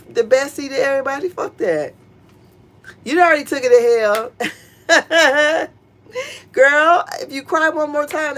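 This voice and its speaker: A middle-aged woman chats through reality-show gossip in a blunt, profane way. She sits a little high in her voice and jumps into squealing tones whenever she quotes someone. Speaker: show commentator. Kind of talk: casual gossip commentary.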